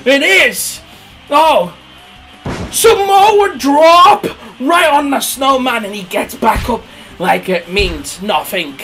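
A high, bright-voiced British man who bursts into shouts while calling a pretend wrestling brawl. His play-by-play is slow and drawn out, swinging between excited yells and quiet mumbles. Music plays behind him. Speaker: comic wrestling commentator. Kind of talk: over-the-top play-by-play commentary.

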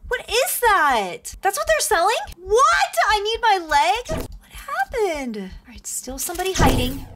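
A woman giving bubbly, excitable commentary while playing a video game, gasping and squealing as she reacts. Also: very high voice, measured pace, noisy background. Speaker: gaming video host.

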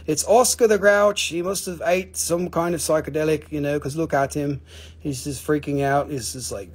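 A man with a somewhat higher, husky voice hosts a live sale, talking casually and teasing his viewers. He jokes and banters loosely as he moves from item to item. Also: flat delivery, moderate pace. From Appalachian region of the United States. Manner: joking, playful, teasing. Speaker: host selling minerals on a livestream. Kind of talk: casual live sales chat.

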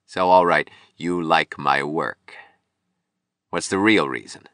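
A man's voice: a bass voice, slow pace, sharp tone, no room sound, studio quality, full character voice. A man reading an audiobook, voicing a bitter, broken young male sculptor who pleads and turns suspicious.

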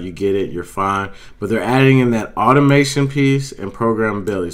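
A man, an IT instructor, giving a casual walkthrough of certifications in a conversational way, with frequent fillers and self-corrections. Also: fairly low pitch.

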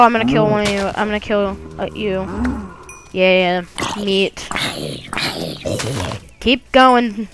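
A woman narrating her own game play in a casual way, chatting to the monsters and yelping when she is startled. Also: medium pitch. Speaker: let's play gamer.

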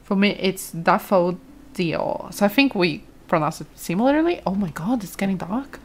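A woman's voice: mid-range voice, lively intonation, fairly quick, slight background noise. A young woman from Brazil, chatting casually over gameplay, exclaiming often and reading chat aloud. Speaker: streamer.

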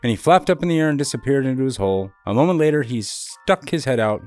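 A man reading a children's storybook aloud, with expressive delivery. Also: mid-range voice, fast, faint music behind. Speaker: storybook reader.

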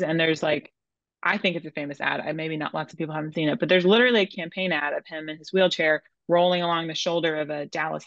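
A woman's voice: sits low, gravelly, a bit bright, no room sound, dull audio. A woman journalist talking casually as a podcast guest, filling her speech with "like". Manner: chatty, many "like" fillers. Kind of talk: conversational podcast interview.

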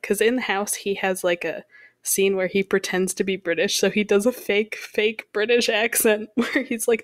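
A woman's voice: medium pitch, dry recording. A young woman co-hosting a podcast, chatting casually in a rambling, jokey way. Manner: rambling, jokey, self-interrupting. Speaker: podcast co-host. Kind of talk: casual chat.

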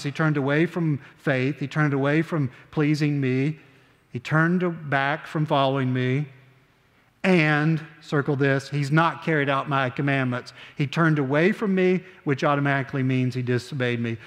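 Older pastor preaching in a reverberant sanctuary. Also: male voice, a little high. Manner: earnest, slows down on key phrases, conversational asides. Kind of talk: sermon. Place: church sanctuary.

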